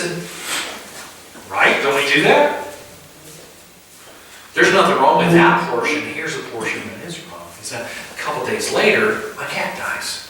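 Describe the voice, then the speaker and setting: Man, pastor, informal sermon, bright tense voice, far from the mic in a roomy space. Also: fairly high pitch, moderate pace, long pauses, slight background noise. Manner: animated, acts out little scenes, asks the room. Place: house church room. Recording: echoey room, mic far off.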